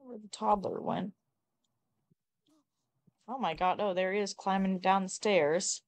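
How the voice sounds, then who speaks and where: A woman's voice: medium pitch, fairly even intonation, a little slow. A woman giving casual gameplay commentary, exasperated, swearing often and talking at her characters. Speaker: gamer.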